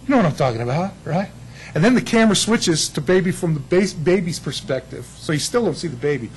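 A man's voice: fairly high pitch, expressive, fast, slight background noise, poor audio. A man preaching a sermon, telling stories with laughter and acted-out quotes. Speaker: pastor.

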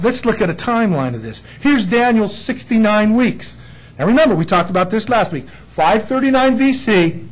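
A man preaching a Bible sermon in an animated, jokey way, acting out the figures he quotes. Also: high-pitched, poor audio.

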